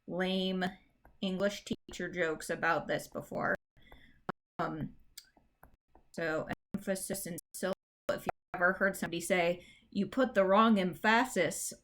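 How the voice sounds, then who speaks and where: A woman's voice: on the low side, a bit bright. A woman English teacher giving a casual recorded class lecture, chatty and full of fillers, with dry self-mocking humor, leaning hard on syllables to demonstrate stress. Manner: exaggerates word stress to demonstrate.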